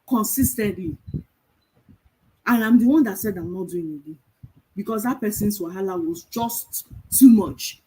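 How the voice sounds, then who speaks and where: Poor audio carries the husky, medium-pitched voice of a middle-aged woman coaching as a virtual assistant. Her motivational talk is calm, built on stories and rhetorical questions.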